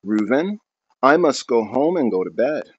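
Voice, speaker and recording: A man reading aloud, voicing a tired, gentle middle-aged father who is a professor, with a measured, formal manner. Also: mid-range voice, big pitch swings, breathy edge. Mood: exhausted. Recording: dull lo-fi recording.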